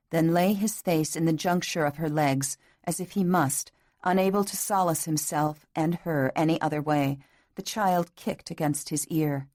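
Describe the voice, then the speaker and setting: A woman reading a romance novel aloud in scripted audiobook narration. Her voice sits a little low, and her delivery is soft and intimate. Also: dry recording, clean studio sound.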